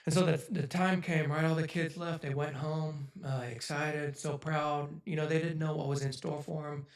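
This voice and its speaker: A man in his forties telling a story to a livestream audience, emotional and choked up, rambling with many fillers. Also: a little high. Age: 40s. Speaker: speaker on a livestream. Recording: echoey room, voice from a distance.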